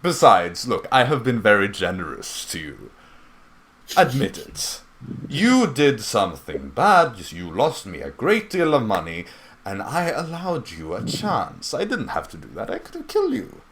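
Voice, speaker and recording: A man's voice: mid-range voice, wildly swooping pitch, unhurried, fairly bright tone, exaggerated voice. A game master voicing a scheming male gang leader who poses as a noble, speaking in a genteel, condescending, wheedling way. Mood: smug. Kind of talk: voicing a character in a tabletop game.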